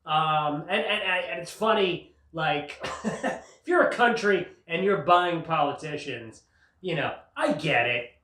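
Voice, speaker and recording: A man's voice: on the high side, lively intonation, slow pace, sharp tone. A male comedian hosting his show, riffing sarcastically in a rambling monologue and laughing at his own jokes. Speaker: comedian host. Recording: roomy sound, mic at a distance.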